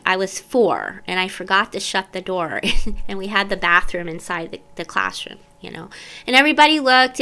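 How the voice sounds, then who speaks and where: Candid woman, bright and clear. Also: mid-range voice. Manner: candid, meandering, self-interrupting. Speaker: vlogger. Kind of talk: personal storytelling to camera.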